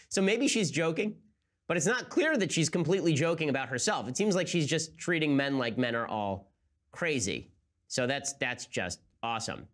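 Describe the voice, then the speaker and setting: A man's voice: on the high side, animated, moderate pace, a bit bright. A man hosting a political commentary show, talking in a sarcastic, incredulous way. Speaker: host.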